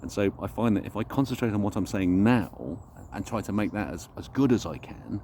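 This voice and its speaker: A man's voice: fairly low pitch, expressive, fairly quick, warm tone, slight background noise. A man vlogging an unscripted, reflective monologue, talking earnestly and searching for his words as he goes.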